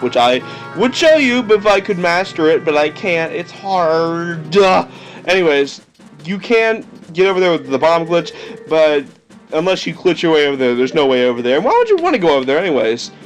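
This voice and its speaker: A goofy young man joking his way through a game with a high, bouncy voice that swings all over. Faint game music plays underneath. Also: expressive, fairly quick. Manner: goofy, joking, playfully sarcastic. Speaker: let's play host. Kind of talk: casual game commentary.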